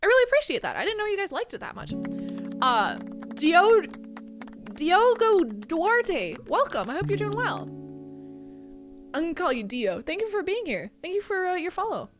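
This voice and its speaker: A young woman in her twenties streaming live, excitedly thanking donors, swearing and fighting back tears. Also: extremely high pitch, normal speed, soft background music. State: close to tears. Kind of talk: casual live-stream chat.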